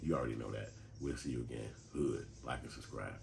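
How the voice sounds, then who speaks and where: Deep-voiced blunt man. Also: a little fast, gravelly, darkish tone, a little hiss or hum. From Chicago. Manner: blunt, profane, streetwise. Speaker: commentary channel host. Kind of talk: casual profane commentary.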